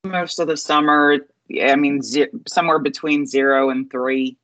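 A woman's voice: low voice, steady tone, moderate pace, a bit bright, no echo, rough recording. A woman co-hosting a podcast in casual political chat, speaking in a confident, matter-of-fact way. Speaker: podcast co-host.

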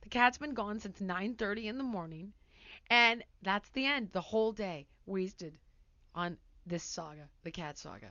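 A woman talk show host telling a story in a casual, animated way, acting out scenes as she goes. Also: mid-range voice, a little slow, no room sound, lo-fi sound. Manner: animated, laughs mid-sentence, acts out scenes.

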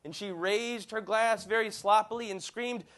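Comic podcast host, male, high-pitched, playful teasing delivery. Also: steady tone, normal speed, fairly bright tone. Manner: joking, teasing interviewer. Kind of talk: comedic podcast banter.

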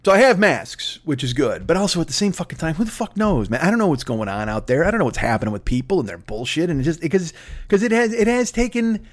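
Brief: podcast host, man, slightly high voice, profane exasperated rambling monologue. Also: big pitch swings, fast. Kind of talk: solo comedic rant.

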